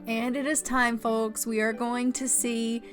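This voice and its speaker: A chatty woman hosting a gameplay video, talking through the action in a relaxed way and lending the characters little made-up lines. Her voice sits a touch high for a woman. Clear music plays steadily behind her. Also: unhurried. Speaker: gaming channel host. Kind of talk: casual gameplay commentary.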